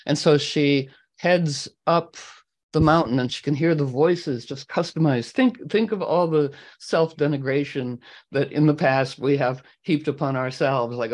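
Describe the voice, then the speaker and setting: Male host, mid-pitched, rambling storyteller who keeps clearing his throat. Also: normal speed, low-quality recording. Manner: meandering, clears throat often. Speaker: astrology talk host. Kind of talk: storytelling to a group.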